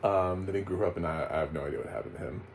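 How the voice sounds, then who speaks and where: A man's voice: low voice, rapid-fire, a little hiss or hum, rough recording. A man casually reviewing a film, rambling and chatty with frequent laughs and fillers. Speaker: movie reviewer.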